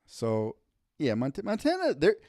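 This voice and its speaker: Animated man in a comedy podcast. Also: on the high side, a little slow, no echo, clean studio sound. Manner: animated storytelling, acts out quotes. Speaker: podcast co-host. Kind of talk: casual comedic chat.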